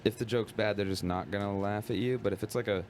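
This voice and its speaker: Casual guest: young man, deep voice, rambling stand-up chat with faint room hiss. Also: steady tone, fast talker. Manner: laid-back, rambling, lots of "like" and "bro". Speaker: guest comedian.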